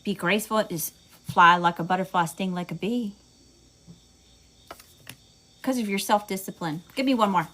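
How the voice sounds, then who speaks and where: With a pushed, bright medium-pitched voice at normal speed, a woman pauses often while reading tarot over slight background noise. Her Southern US accent comes through as she chats casually, swears freely, uses y'all a lot and laughs at herself.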